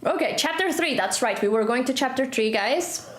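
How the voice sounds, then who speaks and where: A woman's voice: sits high, moderate pace. Giggly woman streaming a game. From Portugal. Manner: chatty, giggly, animated. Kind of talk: live game stream commentary. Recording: echoey room with faint noise.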